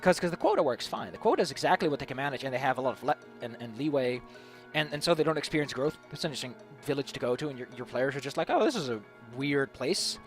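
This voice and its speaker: Racing along in a mid-range voice with faint music behind him, a tabletop game video host muses aloud about game ideas. His casual monologue rambles, and he keeps stumbling and restarting over repeated words.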